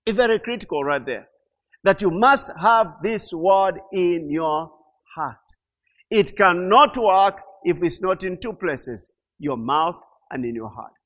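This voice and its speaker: A middle-aged man preaching a sermon, slow and emphatic, repeating key phrases and rising to loud peaks. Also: high-pitched, expressive. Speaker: pastor.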